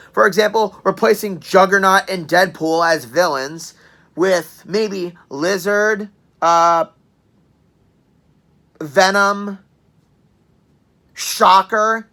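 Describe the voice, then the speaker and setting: A young woman in her twenties reviews a game in a loose, chatty way, full of joking asides and quick throat-clears. Her tone is bright and forceful at a middling pitch. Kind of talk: casual spoken review.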